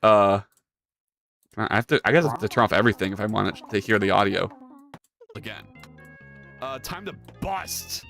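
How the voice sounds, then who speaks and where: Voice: sits low, moderate pace, gravelly, long pauses, a bit bright, faint music behind. A streamer and game developer chatting casually during a live 3D modeling session, joking and reading chat messages aloud, often restarting sentences. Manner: chatty, jokey, reads chat aloud and answers it; rambling with frequent restarts and repeated words.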